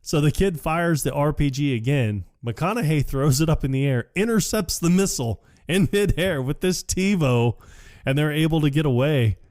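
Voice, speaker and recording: A man casually recapping a film on a podcast, acting out the characters' lines with animated voices. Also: fairly high pitch, moderate pace, dry recording, studio quality. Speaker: podcast co-host.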